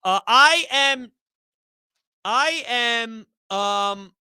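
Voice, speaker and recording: A man's voice: very high voice, expressive, very slow, sharp tone, clean tone, no room sound, clean studio sound. A young man hosts a sports live stream, chatting loosely and reading viewer comments with easy laughs. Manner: chatty, rambling, laughs easily. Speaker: sports YouTube host.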